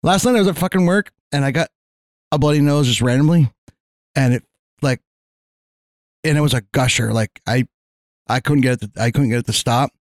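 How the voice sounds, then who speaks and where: A man's voice: mid-range voice, a little fast, pauses often, dry recording. A man co-hosting a podcast, telling rambling stories in casual chat and swearing freely. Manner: swearing, rambling animated storyteller. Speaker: podcast co-host.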